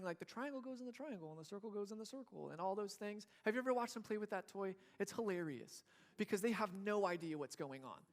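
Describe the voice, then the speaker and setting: A young man preaching a sermon in a church, casual and joking, acting out what people and babies say. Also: high voice. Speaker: pastor.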